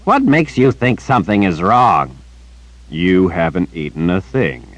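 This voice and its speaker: A man reading an audiobook, voicing a big, gruff male warrior who speaks stern yet teasing to a child. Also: deep voice, very animated, a little slow, no room sound.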